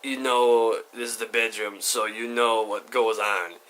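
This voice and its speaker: A loud, laid-back young party guy, casual and offhand, as a man mimics him. His voice is bright and forceful. It is a friend retold in a storytelling vlog. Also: fairly low pitch, fairly even intonation, unhurried, slight background noise.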